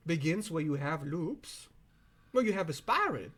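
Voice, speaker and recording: A man's voice: fairly high pitch, sing-song, measured pace, a bit bright. A man who is not a native English speaker, giving an emphatic, profane self-help monologue straight to the viewer. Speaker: self-help video host. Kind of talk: direct-to-camera monologue.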